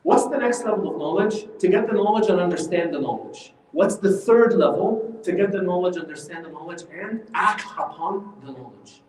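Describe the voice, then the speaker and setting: A man teaching a religious lesson in a mosque hall, animated and quizzing his class, heard from far off. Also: high voice, normal speed, few pauses. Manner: animated, asks the class questions.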